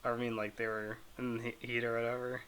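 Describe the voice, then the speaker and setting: A man casually chatting as a podcast co-host, giving short, low-key replies. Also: level tone, fast talker, a bit bright, clear, resonant tone. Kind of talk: casual chat.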